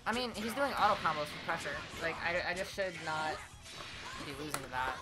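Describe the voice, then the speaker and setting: A woman's voice: low-pitched, a little fast. Swearing woman streamer over game music. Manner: talks to herself while playing, swears, swings from mutters to excited yelling. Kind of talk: casual gameplay commentary.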